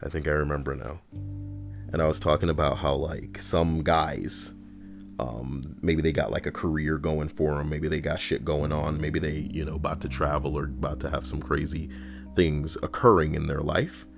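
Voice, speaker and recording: Very deep-voiced male streamer, reads stories aloud, cuts in with blunt, foul-mouthed commentary. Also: little pitch movement, moderate pace, gravelly, faint music behind. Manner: blunt, profane asides.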